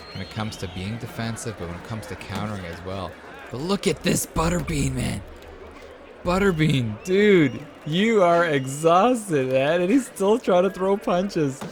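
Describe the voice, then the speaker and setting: This let's-play host is a man with a mid-range voice who talks over his game casually and excitedly. He cheers at the screen, then lowers to a whisper in tense moments, all against a noisy backdrop.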